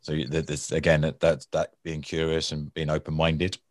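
A man with an extremely deep, low voice talks through his experience in a relaxed interview. He repeats himself and restarts sentences, then acts out heated exchanges with lively energy. The sound is dry and close, with no room echo. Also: normal speed. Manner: animated storytelling, acts out angry people. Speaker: guest, former hostage negotiator. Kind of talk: conversational interview.

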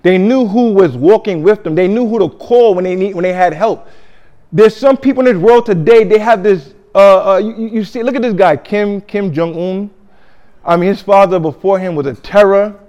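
High-voiced man preaching conversationally. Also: normal speed, mellow. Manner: conversational, repeats himself, leads call-and-response. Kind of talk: sermon.

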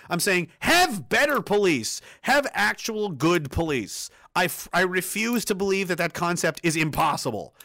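A man's voice: sits high, sharp tone, dry recording, studio quality. A man from Canada hosting a ranting commentary show, sarcastic and heavily profane, reading comments and reacting to headlines. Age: adult, ex-soldier. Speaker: commentary host.

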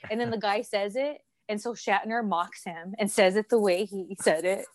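A woman's voice: mid-range voice, moderate pace, dry recording. A young adult woman co-hosting a casual podcast chat, telling stories animatedly and acting out quoted lines. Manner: animated storyteller, acts out quotes. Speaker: co-host.

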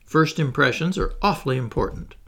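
A man's voice: on the high side, expressive, fairly quick, bright, forceful tone, breathy edge, full character voice. A man reading aloud voices Peter, a proud, bossy boy who gives orders, in a storybook reading. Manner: commanding.

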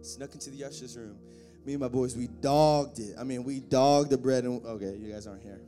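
A man preaching a sermon, joking with the congregation and swelling into shouted, half-sung passages. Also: mid-range voice, fairly quick. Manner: joking asides to the band and congregation. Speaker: pastor. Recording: faint music behind.

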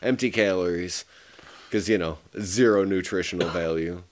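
A man from the United States hosting a horror podcast in casual, profane, joking chat with sudden loud outbursts. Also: sits low, normal speed. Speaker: podcast host.

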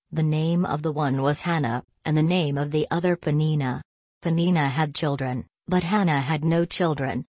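A woman reading a scripture passage aloud in a measured, even way for a church service. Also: sits low, dry recording, clean studio sound. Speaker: scripture reader.

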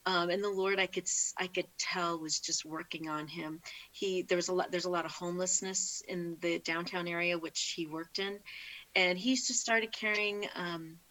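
A woman's voice: on the low side, steady tone, moderate pace, sharp tone, poor audio. Heartfelt woman sharing her faith story. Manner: heartfelt storytelling with many restarts. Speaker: interview guest. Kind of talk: personal faith testimony.

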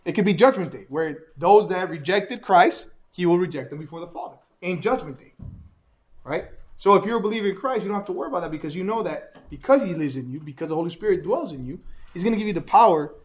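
A man teaching a Bible lesson to a class, animated and asking his listeners questions as he goes. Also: sits high, fast talker.

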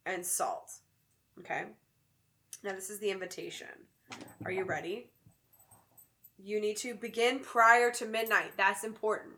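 A woman's voice: mid-range voice, pushed and bright. A woman co-hosting a podcast, chatting casually and joking as she walks through a spooky game step by step. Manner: chatty and joking, explains steps at length. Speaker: podcast co-host. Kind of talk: casual chat.

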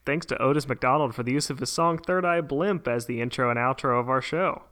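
A man co-hosting a podcast, talking in a relaxed way as he reads out contact details and thanks. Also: mid-range voice, a little fast. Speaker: podcast co-host. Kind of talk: casual podcast chat.

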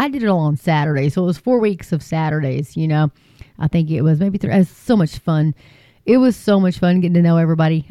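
Indignant sarcastic woman, dull dry recording. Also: no room sound. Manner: indignant, sarcastic, mocking voices with sudden high pitch jumps. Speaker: commentary show host. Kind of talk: casual opinion commentary.

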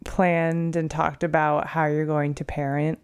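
A woman's voice: low voice, little pitch movement, a little slow, smooth. A woman interviewing a guest, asking brief, supportive questions.

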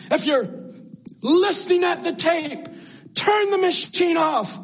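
A male evangelist preaching an impassioned sermon, swinging between loud cries and hushed prayer. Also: very high-pitched. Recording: dull lo-fi church tape with faint music.

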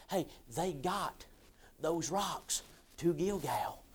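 Man, pastor, sermon, high voice, folksy and emphatic. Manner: emphatic, folksy preaching with rising shouts.

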